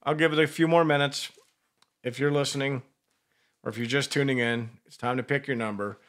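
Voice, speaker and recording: A man's voice: mid-range voice, steady tone, a little fast, a bit bright. Crude joking male radio co-host. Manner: crude, joking, swears freely. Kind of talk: casual radio banter.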